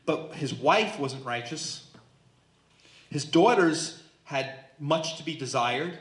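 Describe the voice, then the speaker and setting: A man's voice: a little high, lively intonation, takes it slowly. Emphatic man teaching Bible study, roomy echo. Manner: emphatic, asks listeners questions. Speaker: pastor leading Bible study. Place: church room.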